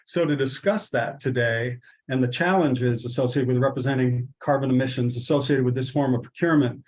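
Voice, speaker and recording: A man with a middling voice opens an online workshop. He speaks in a measured way, pausing on fillers and restarting his sentences. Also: medium pitch, a little mellow, low-quality recording. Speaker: workshop host. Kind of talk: opening remarks at an online workshop.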